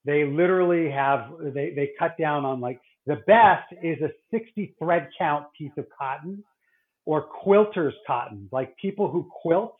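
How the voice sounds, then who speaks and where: A man's voice: fairly high pitch, measured pace, phone-quality sound. A middle-aged man, a doctor, chatting casually and rambling, with many restarts and fillers. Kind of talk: casual podcast chat.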